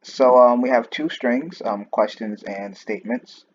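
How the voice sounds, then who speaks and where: A man's voice: medium pitch, a little slow, vocal fry. A man, a student, walking through his class coding project on a screen recording, hesitant and full of fillers and restarts. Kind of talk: screen-recorded program walkthrough. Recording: muffled lo-fi audio with steady noise and clicks.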